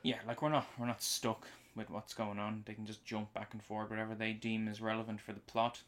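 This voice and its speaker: A man's voice: lowish voice, level tone, a little fast, a bit bright. A man co-hosting a casual live podcast, rambling with frequent restarts and fillers. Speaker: podcast co-host. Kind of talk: casual live episode discussion. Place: home basement.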